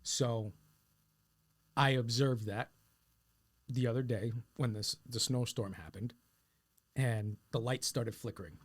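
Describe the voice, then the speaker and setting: A man co-hosting a casual podcast, telling a home story in a relaxed, candid way. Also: medium pitch, slow pace, pauses often. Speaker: podcast co-host. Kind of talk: casual conversation.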